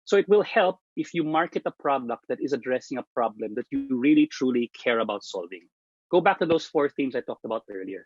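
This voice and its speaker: A man giving a presentation on marketing, speaking emphatically, starting phrases high and letting them trail off. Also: breathy edge, no room sound. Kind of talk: presentation talk. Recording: dull lo-fi dry sound.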